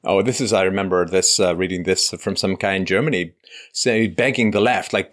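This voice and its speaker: Low-voiced man, argumentative. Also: a little fast. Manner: animated, argumentative storyteller. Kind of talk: casual political discussion.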